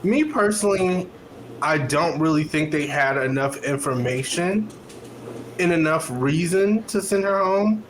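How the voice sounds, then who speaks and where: A man's voice: a little high, expressive, a little slow, a little hiss or hum, poor audio. A man co-hosting a casual podcast, giving blunt, opinionated takes with casual cursing. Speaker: podcast co-host. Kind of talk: casual chat.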